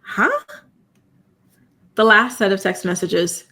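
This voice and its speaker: A woman hosting a casual live-stream commentary, talking straight to her viewers. She sounds incredulous and animated, with frequent "you know" and "y'all". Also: fairly high pitch, unhurried. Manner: incredulous, animated, reacts to chat. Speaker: commentary channel host.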